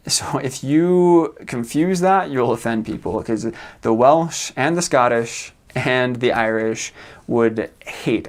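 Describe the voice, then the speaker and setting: A young American man in his twenties, a returned missionary, giving a casual informational talk with lots of fillers and frequent chuckles. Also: medium pitch. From United States. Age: 20s. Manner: relaxed, many fillers, chuckles often.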